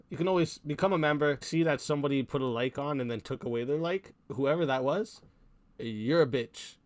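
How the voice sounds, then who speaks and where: Mid-range in pitch and recorded with no room sound, a young livestream host delivers a profane rant at his chat. He's blunt and heated, and the cursing never lets up.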